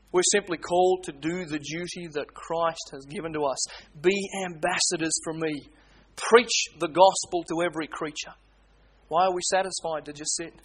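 A man preaching a sermon, swinging between hushed pleading and loud, urgent appeals. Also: fairly high pitch, husky. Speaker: pastor.

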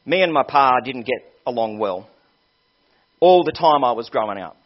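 A man's voice: sits high, expressive, a little fast, pitched above the performer's own voice. A man preaching voices a remorseful young man going home after prison, telling his story nervously. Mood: bitter. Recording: dull lo-fi sermon recording.

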